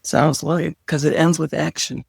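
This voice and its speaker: A woman's voice: sits low, fairly even intonation, unhurried, vocal fry, husky, no room sound, clean studio sound. An older woman, a former hospice chaplain, speaking as a podcast guest in a reflective, earnest way. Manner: reflective and earnest, sharing wisdom. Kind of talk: interview conversation.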